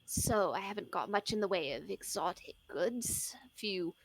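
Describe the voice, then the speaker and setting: A shrewd wandering merchant, as a woman plays her with a hushed, half-whispered sales patter. A lively, swooping pitch rides on a gravelly fry. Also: normal speed, no room sound, low-quality recording. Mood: scheming.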